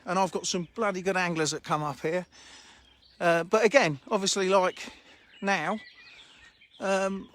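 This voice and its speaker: A man's voice: sits high, steady tone, measured pace, fairly bright tone. A man who owns a fishery, chatting casually on a live stream from his phone and answering viewers' comments with a laugh. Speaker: fishery owner. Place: outdoors by a fishing lake. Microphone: handheld phone. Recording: faint outdoor noise and birdsong. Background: birdsong.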